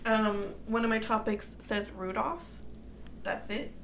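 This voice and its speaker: A woman's voice: a little high, slow, fairly bright tone. A young woman in casual chat among friends, slangy and blunt, laughing often. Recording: roomy, noisy room.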